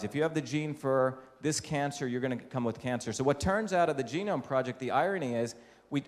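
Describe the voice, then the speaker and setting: Emphatic male lecturer in a reverberant hall. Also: mid-range voice. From India. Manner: emphatic, asks rhetorical questions. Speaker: invited lecturer. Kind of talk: public lecture to a live audience.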